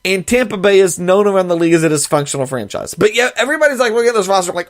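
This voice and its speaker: Emphatic high-voiced sports podcast host. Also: male voice, very animated, fast talker, few pauses, dry recording, clean studio sound. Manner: emphatic, sarcastic, mocks others in quoted voices. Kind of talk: opinionated sports talk monologue.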